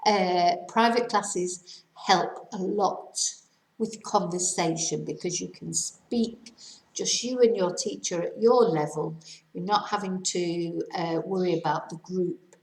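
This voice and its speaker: A woman with an English accent, a language teacher giving tips in a slow, clear and deliberate way, her voice moving up and down. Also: on the low side. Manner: slow, clear and deliberate, with lively ups and downs. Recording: echoey room.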